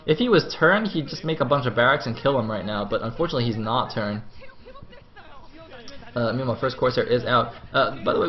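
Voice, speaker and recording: Guy casting a live game match, gets hyped fast, mid pitch, kinda dull lo-fi stream audio. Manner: excitable, voice jumps high at action. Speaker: esports commentator. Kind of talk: live play-by-play game commentary.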